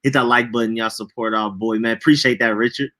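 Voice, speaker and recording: A man's voice: medium pitch, steady tone, quick pace, a bit bright. A young man hosting a casual sports podcast, chatting loosely and reacting to viewer comments. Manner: loose, chatty, says bro a lot. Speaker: podcast host reading chat.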